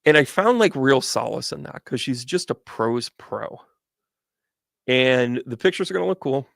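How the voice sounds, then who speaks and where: Man, livestream host, medium, rambling chatty storyteller, gravelly voice, dry close sound. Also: mid-range voice, expressive, moderate pace, a bit bright, no echo. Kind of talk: casual livestream chat.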